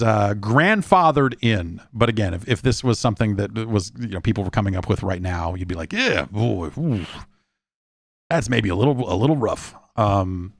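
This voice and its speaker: Brief: male podcast host, lowish voice, loose and wry, lots of ums, dry close mic. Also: lively intonation, normal speed, dry recording. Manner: rambling, wry, with many fillers and restarts. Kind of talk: casual chat.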